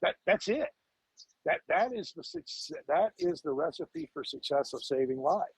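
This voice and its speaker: A gravelly, husky man in his fifties speaks emphatically as a podcast guest, leaning on rhetorical questions and repeated words. His voice sits a little high for a man, and it comes through dry and close on slightly dull audio. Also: wildly swooping pitch, moderate pace, no room sound. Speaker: fire lieutenant guest. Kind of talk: podcast interview.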